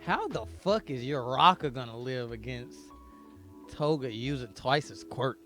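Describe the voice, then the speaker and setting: A young adult man co-hosting a podcast in casual chat, excitable and animated, often talking over his partner. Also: mid-range voice, a little slow, faint music behind. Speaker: podcast co-host.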